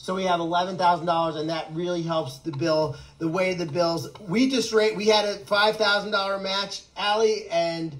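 A man running an animal sanctuary, chatting excitedly and rambling with lots of laughter in a casual fundraising video outdoors. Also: high voice, normal speed, hardly any pauses, rough recording. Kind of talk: casual fundraising vlog chat.

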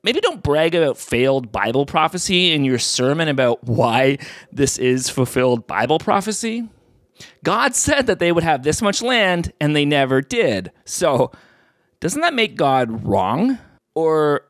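A man's voice: fairly high pitch, sing-song, unhurried, fairly bright tone, dry recording. A man giving sarcastic commentary on sermon clips as a host. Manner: dry, sarcastic.

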